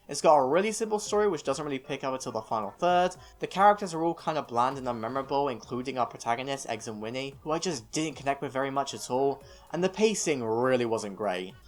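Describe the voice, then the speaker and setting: Opinionated British man with lively pitch. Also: quick pace, few pauses. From United Kingdom. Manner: opinionated, self-mocking, rambling asides. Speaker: film reviewer. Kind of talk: scripted video review.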